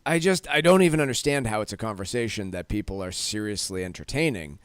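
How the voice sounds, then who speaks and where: A man's voice: on the low side, animated, fast, clean tone, no room sound, clean studio sound. Exasperated radio host man. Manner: exasperated, rambling with restarts and frequent "like". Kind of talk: casual on-air talk. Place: radio studio. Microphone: studio microphone.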